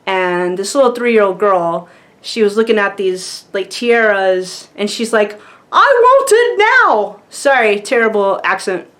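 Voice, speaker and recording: A woman's voice: medium pitch, fairly even intonation, measured pace. A woman vlogger chatting casually to camera, rambling with lots of fillers and frequent laughs.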